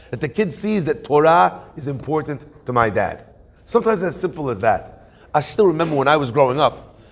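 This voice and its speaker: A man, a rabbi giving a weekly Torah class, telling stories in an animated way and acting out quoted voices. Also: mid-range voice.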